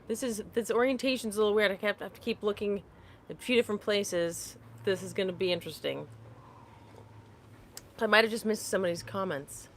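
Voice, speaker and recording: This livestream host speaks with a medium-pitched, animated voice at a moderate pace, over a slight hiss or hum. Chatting with viewers through a phone held upright, she laughs a lot, apologizes and keeps getting sidetracked.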